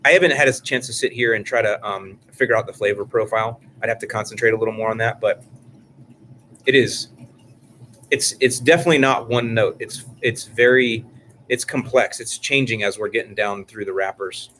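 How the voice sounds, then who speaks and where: A man's voice: lowish voice, brisk, fairly bright tone, slight background noise. Joking, rambling male live-stream host. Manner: joking, rambling, with frequent restarts and fillers. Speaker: lawn care channel host. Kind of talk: casual live-stream chat.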